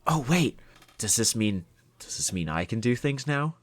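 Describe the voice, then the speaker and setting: A man's voice: mid-range voice, sing-song, normal speed. A man playing a tabletop game, hesitant and laid-back. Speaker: player.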